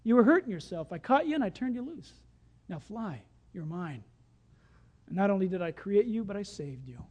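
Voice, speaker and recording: Brief: calm fatherly God, as a preacher puts it on, soft and low, lively rise and fall. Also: normal speed, lightly acted. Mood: gentle scolding.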